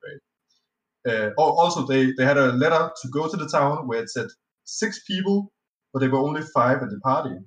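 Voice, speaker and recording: A podcast guest who speaks Danish natively chats casually, rambling through a story about a tabletop game with many fillers, restarts and swear words. He talks at normal speed in a medium-pitched voice with lively intonation. The recording is a touch off-mic, with roomy echo.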